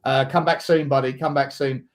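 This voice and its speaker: A man hosting a live football watchalong, tipsy from drinking, boisterous and jokey as he shouts out viewers. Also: mid-range voice, steady tone, normal speed. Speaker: watchalong host. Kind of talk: casual live-stream chat.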